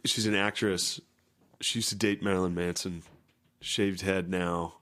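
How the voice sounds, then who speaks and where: Low-voiced crude podcast guy. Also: steady tone, measured pace, pushed and bright. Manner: profane, laughing, mocks others in shrill voices. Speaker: podcast co-host. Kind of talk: crude casual chat.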